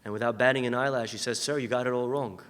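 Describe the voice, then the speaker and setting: Speaking quickly with a medium-pitched voice, a rabbi delivers a storytelling sermon, animatedly playing the characters and raising his voice in bursts. Long hall reverb fills the recording.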